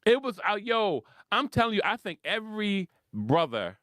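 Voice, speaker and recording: A man with a Philadelphia accent talking sports in a rambling, animated monologue, acting out quotes and laughing often. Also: sits high, moderate pace, no room sound, clean studio sound. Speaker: sports commentator host. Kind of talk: casual monologue.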